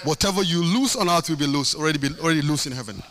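A man's voice: a little high, racing, a bit bright, soft background music. A middle-aged man preaching a sermon, impassioned, with a sing-song cadence and lots of repetition.

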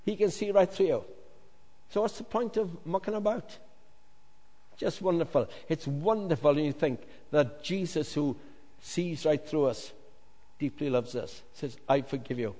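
A male pastor preaching a lively sermon to a congregation, with jokey asides, swinging from loud to hushed. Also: on the high side, a little slow. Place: large hall with congregation. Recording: long reverb of a large hall.

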